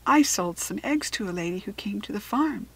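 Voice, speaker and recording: A woman reading the lines of an eager young farm girl in a storybook, raising her voice a little higher. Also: expressive, normal speed, husky. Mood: earnest.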